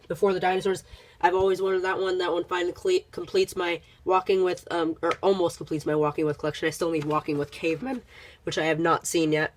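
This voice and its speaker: Young sick vlogger rambling through a room tour. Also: mid-range voice. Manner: rambling, halting, full of ums and restarts. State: sick, congested. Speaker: YouTube channel host. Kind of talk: casual channel update vlog.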